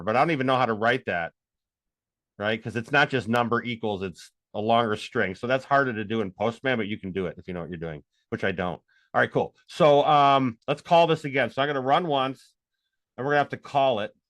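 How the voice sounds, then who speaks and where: A man's voice: mid-range voice, fairly bright tone, dry recording. A man teaching a casual online class, talking in a chatty, self-mocking, joking way. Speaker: instructor. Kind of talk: casual screen-share lesson.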